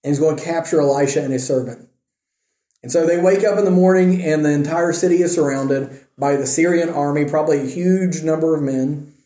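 A man's voice: fairly high pitch, dark tone, echoey room. A man teaching a casual Bible lesson, retelling a scripture story in a conversational way with wry asides.

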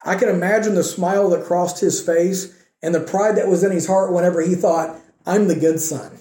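A man's voice: sits high, fairly even intonation, a little fast, dark tone. A man preaching a sermon as pastor, emphatic and asking the congregation rhetorical questions. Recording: echoey room.

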